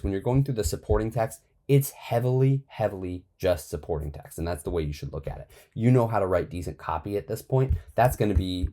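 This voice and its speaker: A man's voice: sits low, dark tone. A man teaching a copywriting course in a casual, think-aloud way, often restarting his sentences. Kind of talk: casual screen-share tutorial.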